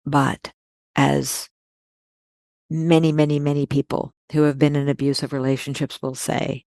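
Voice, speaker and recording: A woman's voice: low-pitched, little pitch movement, a little slow, darkish tone, dry recording. A woman speaking earnestly in a podcast conversation, stressing key words by repeating them.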